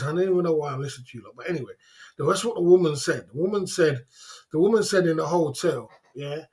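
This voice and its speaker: A man's voice: fairly high pitch, breathy edge. A man hosting a casual livestream, repeating himself insistently and scolding his viewers. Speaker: livestream host. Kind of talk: casual livestream rant to chat.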